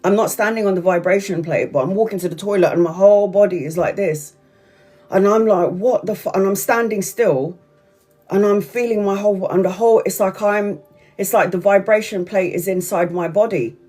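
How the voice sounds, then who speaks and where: A woman's voice: medium pitch, brisk, dark tone, faint music behind. A woman chatting to viewers on a livestream, telling a story in a rambling, repetitive way and swearing often. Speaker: tarot reader on a livestream. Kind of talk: casual livestream chat.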